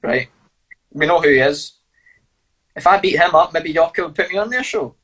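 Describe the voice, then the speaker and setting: A man with a husky, slightly rough voice, chatting as an interview guest. He tells blunt, sweary stories in a relaxed, laughing way. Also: a little high, normal speed, rough recording. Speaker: fighter and guest. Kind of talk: casual storytelling interview.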